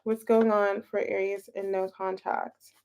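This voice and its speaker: With a flat, measured delivery and a darkish mid-range tone, a young tarot reader streams live from home on a close-up phone camera while slight background noise runs underneath. She talks casually to her viewers and muses aloud about the cards.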